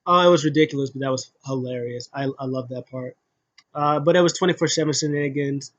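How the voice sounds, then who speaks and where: A man's voice: medium pitch, quick pace, muffled recording. A man casually recapping a wrestling show, rambling with many fillers and restarts and acting out what people said.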